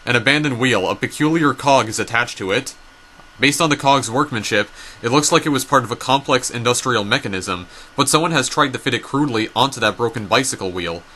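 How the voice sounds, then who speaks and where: A man's voice: medium pitch, fairly quick, pushed and bright, slight background noise. A man playing through a story game, reading its text aloud and adding casual remarks, often tripping over names. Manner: reads dialogue aloud, stumbles over names. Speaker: gameplay narrator.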